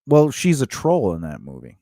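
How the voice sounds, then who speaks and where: A man co-hosting a casual podcast chat, telling stories in a rambling, animated way with many restarts. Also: mid-range voice, normal speed, no room sound, studio quality. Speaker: podcast co-host.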